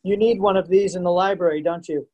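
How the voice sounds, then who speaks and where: A man's voice: sits high, steady tone, fast talker, highs cut off. A man giving a chatty virtual history lesson, laughing often and quizzing his audience. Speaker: museum program presenter. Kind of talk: lively virtual lesson for kids and families. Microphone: video call.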